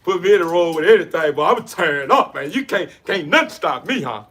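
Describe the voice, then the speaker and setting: A man's voice: a little high, animated, brisk, a bit bright. A man giving a rambling, preachy motivational monologue in street slang, with lots of repetition. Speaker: dog breeder talking to camera.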